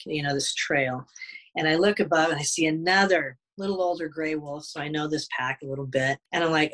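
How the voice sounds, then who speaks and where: A man, a wolf advocate guest, telling a story in an interview with many halting restarts. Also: fairly high pitch, fairly even intonation, a bit bright, low-quality recording.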